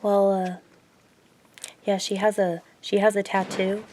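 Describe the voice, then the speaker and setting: A woman chatting casually on her own video channel, rambling and laughing often, her voice swinging from loud asides to quiet murmurs. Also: medium pitch, level tone, unhurried. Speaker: YouTuber. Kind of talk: casual vlog chat.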